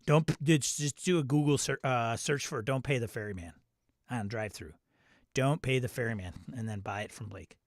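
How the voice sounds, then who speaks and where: A man's voice: mid-range voice, brisk, dry recording, clean studio sound. A man with a Midwestern American accent who hosts a casual livestream chat, joking, rambling and answering his chat. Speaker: host.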